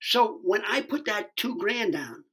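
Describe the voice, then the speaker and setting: A man, a stand-up comedian guesting on a podcast, telling an animated, profane anecdote and acting out the people in it. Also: high voice, a little slow, slightly rough. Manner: profane, acts out the dialogue in his story.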